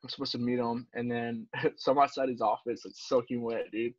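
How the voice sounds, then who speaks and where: A man with a husky voice rambles casually through a story, full of fillers, swearing and "dude". The recording is dry and a little muffled. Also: mid-range voice, fairly even intonation, fairly quick, no room sound. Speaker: podcast co-host, Navy corpsman. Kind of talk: casual profane storytelling chat. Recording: dull, dry podcast recording.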